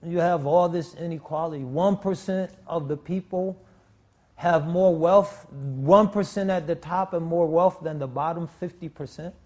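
Male preacher, emphatic sermon delivery, slightly high, warm mellow tone. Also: a little slow. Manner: emphatic, with frequent restarts and Arabic phrases.

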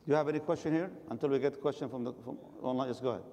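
A man's voice: medium pitch, rapid-fire, dark tone, long reverb tail, a little hiss or hum. A man giving a religious lecture and answering questions from the audience, advising his listeners directly. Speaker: religious teacher.

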